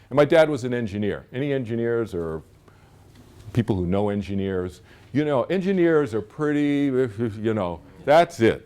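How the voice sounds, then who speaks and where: A man's voice: medium pitch, a little mellow. A middle-aged man giving a live seminar talk, chatty and storytelling, often checking in with his audience. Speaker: seminar speaker.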